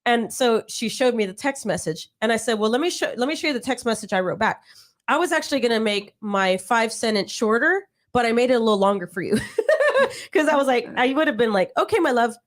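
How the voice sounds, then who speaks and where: A woman with a higher voice co-hosts a podcast, talking a little fast in casual chat. She's an animated storyteller who laughs often.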